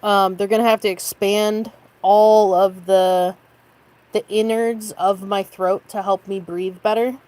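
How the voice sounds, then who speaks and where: A woman talking casually on a late-night livestream from her bedroom. She rambles in an easygoing way and stops often to cough or clear her throat. Her voice sits in an ordinary middle range for a woman. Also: flat delivery, measured pace, darkish tone. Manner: high baby-talk voice to her cat. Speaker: streamer.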